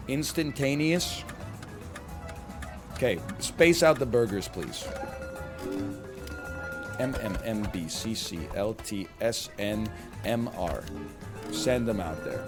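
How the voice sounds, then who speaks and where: A man streaming live, chatting casually while he plays a game, rambling and often rising to loud outbursts. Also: mid-range voice, animated, measured pace, pauses often, faint music behind.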